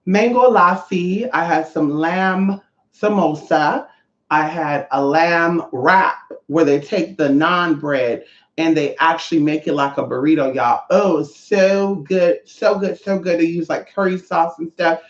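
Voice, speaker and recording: Sassy spiritual teacher ranting casually, swears a lot, roomy kinda muffled sound. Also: medium pitch. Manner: brash, profane, sassy. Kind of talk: casual vlog monologue. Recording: echoey, slightly dull room sound.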